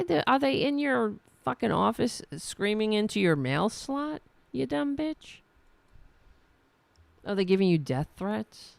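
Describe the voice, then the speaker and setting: A woman's voice: medium pitch, very animated, measured pace, creaky, no echo. A woman hosting a podcast of political commentary, sarcastic, mocking and profane. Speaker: podcast host.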